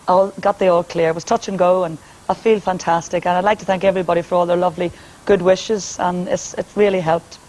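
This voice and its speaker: A woman's voice: fairly low pitch, steady tone, fairly quick, darkish tone, a little hiss or hum, low-quality recording. Brassy Northern Irish woman with a powerful voice. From Northern Ireland. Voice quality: powerful speaking voice. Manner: brassy, joking, laughs often. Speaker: singer and entertainer guest. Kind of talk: chatty TV interview with jokes.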